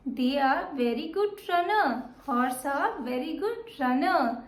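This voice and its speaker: A woman teaches young children, asking simple questions and answering them herself. Her voice sits high and she talks very slowly, repeating each word. The sound is roomy and echoey. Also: lively intonation. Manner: slow, repetitive, asks and answers questions. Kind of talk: children's lesson.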